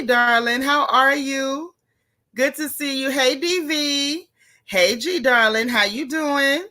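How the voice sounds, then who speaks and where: A middle-aged woman hosts a laid-back livestream, chatting away and greeting viewers by name in easygoing slang. Her voice sits on the high side, sounding pushed and bright.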